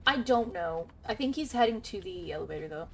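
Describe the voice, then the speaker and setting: A woman's voice: mid-range voice, lively intonation, brisk, creaky. A woman streaming a game, chatting casually, swearing often and counting under her breath. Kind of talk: casual gaming chat.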